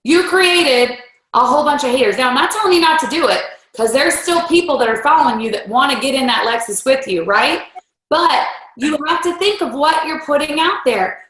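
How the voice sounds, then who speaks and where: A fairly high-voiced woman gives a lively motivational talk to her team. She slips into playful voices for the things people might say. The sound carries a roomy echo. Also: fairly quick. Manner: animated, acts out voices in quotes. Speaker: team leader giving a training talk.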